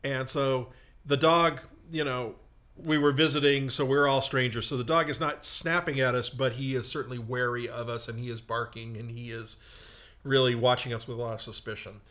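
A man's voice: mid-range voice, fairly even intonation, normal speed, a bit bright. A man telling a long, rambling personal anecdote in a casual, self-mocking way. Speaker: storyteller. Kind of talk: casual storytelling on a comedy talk show.

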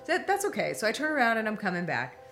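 A middle-aged woman tells a story with a wide, lively swing in pitch and a bright, crisp edge to her voice. She laughs often and does the voices of the people she describes. Faint music plays under her talk. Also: fast talker. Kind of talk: animated anecdote.

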